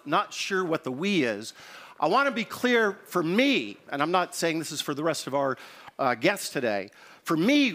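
Middle-aged male debater, conversational and hurried, brisk bright tone. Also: a little high. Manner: candid, conversational, hurried against the clock. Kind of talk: extemporaneous debate opening statement. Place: conference stage.

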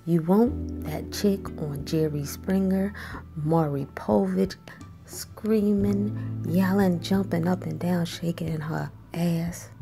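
A woman's voice: on the low side, takes it slowly, gravelly, music in the background. A woman voicing a scorned woman who dumps her partner in a cold, profane voicemail, parts of it whispered. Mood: scornful. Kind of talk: voicemail monologue in animation.

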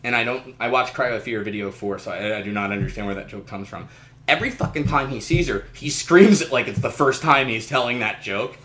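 A man co-hosting a casual podcast chat, animated and profane, breaking into loud mocking impressions. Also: medium pitch, fairly quick, echoey room. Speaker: podcast co-host.

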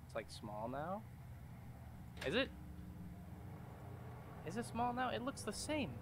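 A man's voice: high voice, wildly swooping pitch, takes it slowly, noisy background. Goofy young man playing a horror game. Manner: goofy, jokey, talks back to the game. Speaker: gaming YouTuber. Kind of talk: horror game let's play commentary.

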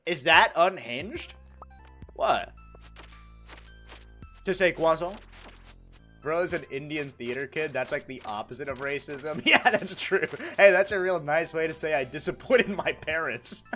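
A young man streaming a game, chatting casually with his viewers in a joking, animated way and laughing often. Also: fairly high pitch. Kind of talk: casual livestream chat, reacting to chat.

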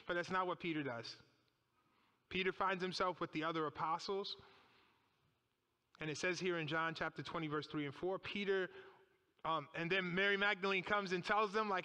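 A man's voice: high voice, steady tone, normal speed, bright, forceful tone, smooth. A man preaching a sermon in a church, retelling scripture dramatically and asking rhetorical questions. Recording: echoey church hall.

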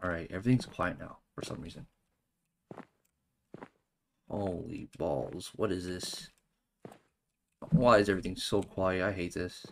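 A man's voice: low voice, a little slow, gravelly, long pauses, background noise. A man giving jumpy, exclaiming gameplay commentary as a gaming YouTuber, calling out "bro" and "dude" as he plays.

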